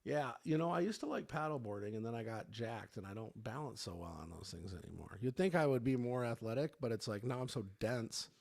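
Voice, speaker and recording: A man's voice: medium pitch, lively intonation, fairly quick, vocal fry, hardly any pauses, darkish tone. A man hosting a podcast as a fitness coach, chatting loosely with laughter and swearing. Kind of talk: casual chat.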